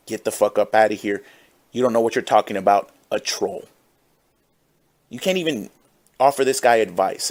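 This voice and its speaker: Sarcastic man mocking a streamer. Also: mid-range voice. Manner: sarcastic, insulting, drawn-out delivery. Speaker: commentator. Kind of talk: mocking reaction commentary.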